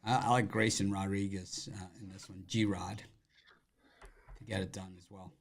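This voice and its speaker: A man hosting a live sports betting show, talking in quick, loose banter with slang. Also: low-pitched, level tone, gravelly. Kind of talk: casual live-stream chat.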